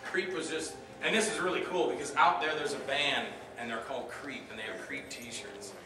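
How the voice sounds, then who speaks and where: A man answering audience questions at a convention panel, telling animated stories and acting out the dialogue with loud outbursts. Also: medium pitch, normal speed. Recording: roomy hall, distant mic, noisy.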